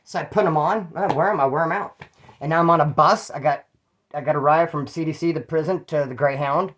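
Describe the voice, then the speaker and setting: Fast-talking rambling man. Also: on the high side, fairly bright tone. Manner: rambling, slangy, acts out quoted voices. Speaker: ex-prisoner telling stories on his channel. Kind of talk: casual storytelling monologue.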